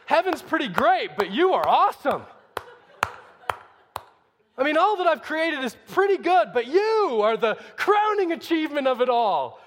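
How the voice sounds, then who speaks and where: A man's voice: very high voice, very animated, moderate pace, fairly bright tone, in a large hall, voice pushed up, exaggerated voice. A man putting on a gushing, starstruck God. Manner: exaggerated, gushing praise. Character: gushing male God, overly impressed and effusive.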